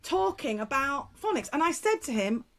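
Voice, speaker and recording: A middle-aged woman, a guest speaker and former teacher, telling stories in a frank, lively way with laughs and quick restarts. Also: high-pitched, over a noisy crowd. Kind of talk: casual interview storytelling.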